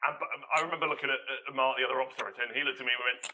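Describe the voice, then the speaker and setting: A man telling a rambling, animated anecdote in a casual chat and acting out the voices of the people in it. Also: medium pitch, racing, dull audio. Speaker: hospitality manager guest.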